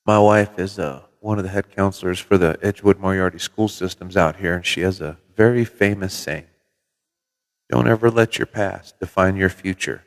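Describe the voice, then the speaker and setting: Folksy lower-voiced man in a reverberant room. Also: moderate pace. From Minnesota. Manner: folksy, relaxed storytelling with mild swearing. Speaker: livestream host of a CB radio shop. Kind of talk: casual livestream chat with viewers. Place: CB radio shop in New Mexico.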